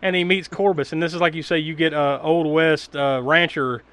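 A man's voice: on the high side, fairly even intonation, moderate pace, fairly bright tone. A man recapping a movie in casual chat, rambling, laughing often and swearing freely. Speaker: podcast co-host.

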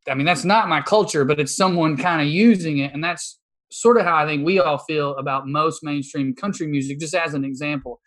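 A man's voice: on the high side, fairly bright tone. A man with a Southern US accent, a comedian and podcast guest, speaking his opinions bluntly and with some swearing in a candid interview. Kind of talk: candid conversation.

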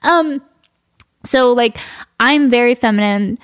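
A woman's voice: a little high, takes it slowly, clean tone, no echo, clean studio sound. A woman hosting a podcast interview, talking openly and confessionally with many "like" fillers. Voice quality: frequent "like" fillers, open and confessional. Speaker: podcast host. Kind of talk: candid conversational interview.

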